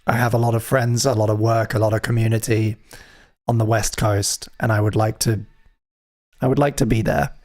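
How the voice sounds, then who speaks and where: A man's voice: fairly low pitch, flat delivery, moderate pace, a little mellow. A man hosting a live music stream, chatting casually with wry, self-deprecating jokes.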